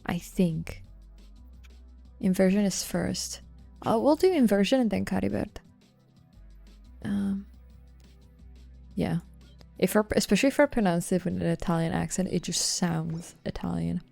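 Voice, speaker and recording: A woman streamer chats over her gameplay in a lowish, gravelly voice. She thinks out loud in a relaxed, offhand way, swearing now and then. Her tone is dark and mellow. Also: unhurried, pauses often, faint music behind. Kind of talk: live-stream gameplay commentary.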